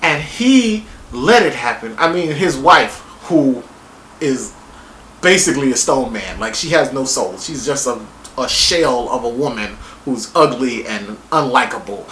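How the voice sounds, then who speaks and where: Animated, excitable man reviewing, echoey room. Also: mid-range voice, measured pace, a little hiss or hum. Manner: excitable, profane, rambling. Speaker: TV show reviewer. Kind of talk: casual spoken review.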